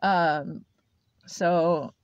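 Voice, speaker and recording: A woman's voice: fairly low pitch, steady tone, drawn-out words, clean tone. A young woman telling her own story to camera in a loose, rambling way, full of "like" and "uh". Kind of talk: casual personal storytelling to camera. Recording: dull lo-fi, dry sound.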